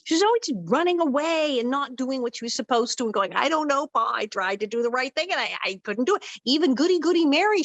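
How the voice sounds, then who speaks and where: A middle-aged woman telling stories as a guest in a casual interview, animated and acting out the voices she quotes. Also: high-pitched, no room sound, low-quality recording. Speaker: guest actress.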